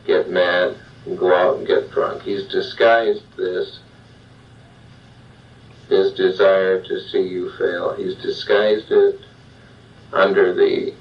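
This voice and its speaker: Older guy talking slow and deep, plain measured self help, kinda muffled. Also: little pitch movement. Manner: plain, measured, addresses the listener directly. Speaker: clinical psychologist giving self-help talk. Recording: dull lo-fi sound, distant from the mic.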